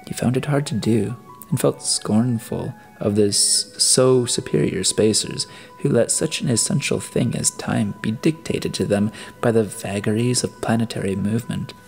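A man with a fairly low voice narrates an audiobook. His reading is deliberate, with the odd restart of a phrase. Faint music plays quietly underneath. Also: steady tone, vocal fry. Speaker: audiobook reader.

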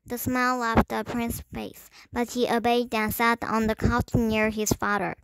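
A woman with a higher voice reads a children's chapter book aloud. She raises her tone a little for each character's line and now and then trips over a word. The sound is dry and close, with no room echo. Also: level tone, a little slow, gravelly. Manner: lifts her voice slightly for characters' lines; occasional small stumbles while reading. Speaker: storybook reader.

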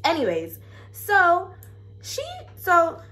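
A young woman vlogger telling an animated, slangy story to her viewers, dropping into low asides. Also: very slow. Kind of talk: casual storytime vlog.

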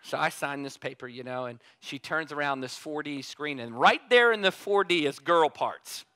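A man preaching a sermon in a casual, animated way, telling a story and repeating emphatic refrains. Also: fairly high pitch, moderate pace, dry recording.

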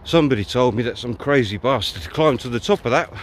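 Man, hiking vlogger, blunt and sweary, mid-pitched voice, faint noise outdoors. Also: lively intonation, fairly quick. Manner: chatty, blunt, swears freely. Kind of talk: casual walking vlog monologue. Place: outdoors on a riverside countryside path.

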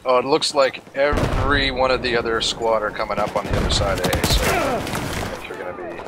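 A man's voice: medium pitch, little pitch movement, a little fast, very noisy. A man chatting casually with his squad while playing, with dry, sarcastic asides. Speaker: gameplay commentator. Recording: loud gunfire and explosions behind.

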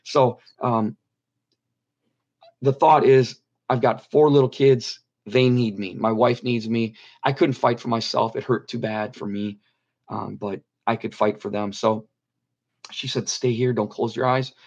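Earnest middle-aged man, mid-pitched, slightly muffled interview audio, repeats himself for emphasis. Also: level tone, a little slow, a little mellow. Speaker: guest telling his near-death story. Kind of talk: personal testimony in an interview.

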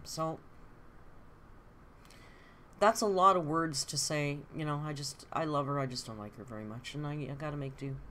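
A woman's voice: extremely low pitch, fairly bright tone, slight background noise. A middle-aged woman hosting a live stream, chatting candidly and answering comments from her viewers. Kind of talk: casual live-stream chat.

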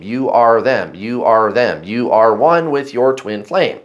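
A man's voice: medium pitch, sing-song, measured pace, few pauses, highs cut off. A man giving a casual tarot card reading, chatty and blunt, swearing freely and often calling out to "guys". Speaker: tarot reader.

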